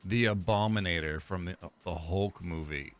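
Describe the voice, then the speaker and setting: A man's voice: sits low, normal speed, soft background music. A young man streaming live, chatting casually and rambling, repeating himself with fillers and laughs.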